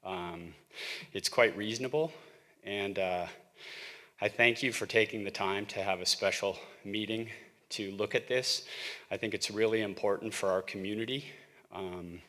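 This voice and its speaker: A middle-aged man from Montana, out of breath, giving an earnest, halting public comment at a council meeting with frequent ums. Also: fairly low pitch, steady tone, bright, forceful tone, long reverb tail. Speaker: public commenter, local business owner. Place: council chamber.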